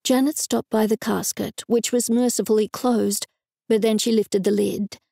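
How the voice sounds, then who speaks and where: A woman's voice: a little high, fairly even intonation, normal speed, creaky, warm tone, dry recording. A woman narrating a cozy mystery novel in the first person, in a wry, dry manner. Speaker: audiobook narrator.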